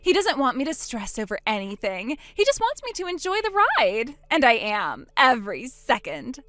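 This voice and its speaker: A woman's voice: on the high side, huge pitch swings, moderate pace, a bit bright, no echo. A woman voicing a smug, gloating younger sister in a dramatized text-message story, mocking her older sister. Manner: mocking, taunting.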